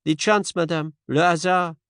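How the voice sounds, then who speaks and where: A male narrator voicing a fastidious older Belgian detective who speaks courteously and drops French words. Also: a little high, fairly even intonation, a bit bright, smooth, no room sound, clean studio sound, pitched above the performer's own voice. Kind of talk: audiobook character voice.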